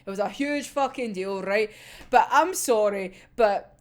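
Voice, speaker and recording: A woman's voice: mid-range voice, unhurried. A woman casually recapping an anime episode, giggling often, swearing freely and acting out the characters' lines. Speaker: anime discussion vlogger.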